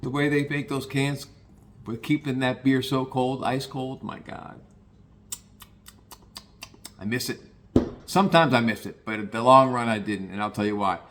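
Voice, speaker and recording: A man's voice: mid-range voice, fairly even intonation, normal speed, pauses often, a bit bright, a little hiss or hum. An older man from the Cincinnati area of the US, talking casually and plainly in a rambling podcast monologue, with frequent restarts and the odd curse.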